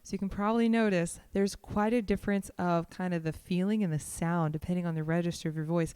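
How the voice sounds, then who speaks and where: A woman vocal coach giving a lesson, explaining a warm-up exercise to home learners in a relaxed, encouraging way. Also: on the low side, fast, few pauses. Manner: counts in and sings warm-up syllables up and down the scale. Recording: piano accompaniment behind the voice.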